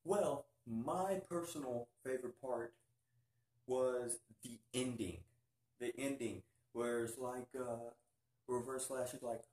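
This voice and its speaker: Excitable man reviewing in an echoey room. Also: a little high, moderate pace. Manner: excitable, keeps saying "freaking". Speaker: YouTube reviewer. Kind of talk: casual review vlog. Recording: roomy echo.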